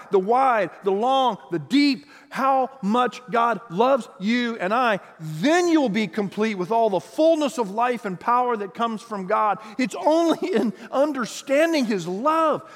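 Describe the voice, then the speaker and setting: A man's voice: very high voice, big-room sound. A man preaching an earnest sermon, reading scripture aloud and stretching words for emphasis. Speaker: pastor.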